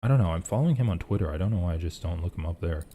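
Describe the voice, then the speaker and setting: A man's voice: low-pitched, lively intonation, very fast, mellow, a little hiss or hum. A young man hosting a casual live reaction stream, rambling and thinking aloud as he reads chat.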